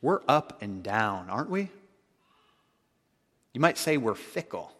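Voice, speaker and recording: A man preaching a sermon, emphatic, swinging between loud declarations and hushed tones. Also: fairly low pitch, sing-song, takes it slowly, husky, big-room sound.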